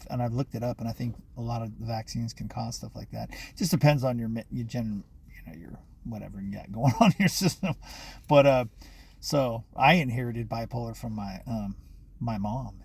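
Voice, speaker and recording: A man's voice: medium pitch, gravelly, a little mellow, breathy edge. A man talking to camera in a rambling personal monologue, full of fillers and restarts, swearing often.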